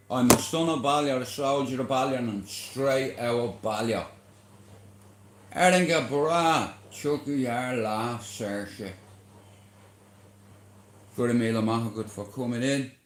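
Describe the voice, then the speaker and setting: A man's voice: medium pitch, roomy sound. An Irish man hosting a casual livestream, talking in a boastful, rambling way with plenty of swearing. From Ireland. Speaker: livestream host.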